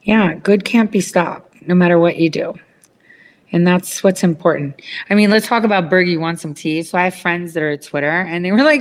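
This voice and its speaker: A woman's voice: lively intonation, normal speed. Rambling, swearing woman ranting casually. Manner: rambling, swears, acts out quoted people in a higher voice.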